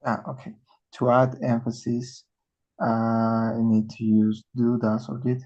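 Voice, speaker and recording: A man's voice: medium pitch, monotone, measured pace, a little mellow, lo-fi sound. A man who is a native Spanish speaker, a student in an English class, asking questions and searching for words.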